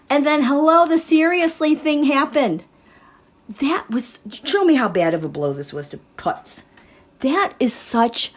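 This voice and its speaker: Woman doing a tarot livestream, chatty and animated, medium pitch, laughs a lot. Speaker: tarot reader.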